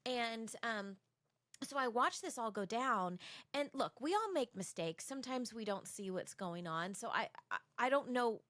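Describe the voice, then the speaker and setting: A woman co-hosting a casual podcast, telling a story with lively energy and acting out the people in it. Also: medium pitch, measured pace, no echo. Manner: animated storyteller, acts out quoted people. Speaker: podcast co-host.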